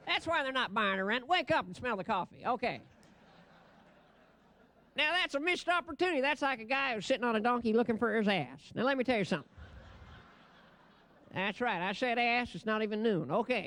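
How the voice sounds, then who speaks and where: At a convention, a man speaks into a podium microphone in a comic, ad-libbed stage presentation, rambling brashly and laughing at his own jokes. His voice is very high-pitched with a sharp tone.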